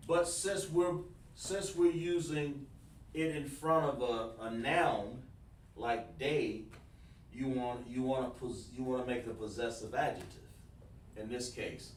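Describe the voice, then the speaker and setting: A man teaching a livestreamed language lesson, explaining slowly and repeating himself while talking to the chat. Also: mid-range voice, steady tone. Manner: slow, repetitive explaining, addresses the chat. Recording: roomy, mic at a distance, faint noise.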